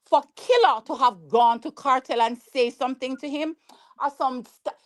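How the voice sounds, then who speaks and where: A woman's voice: high-pitched, moderate pace. A woman, arguing emphatically in a casual panel debate, building hypotheticals and repeating herself for stress.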